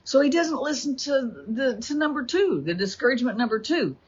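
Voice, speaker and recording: A woman teaching a Bible study, retelling the story with animated energy and acting out the quotes. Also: high-pitched, fairly quick, breathy edge. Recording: dull lo-fi recording.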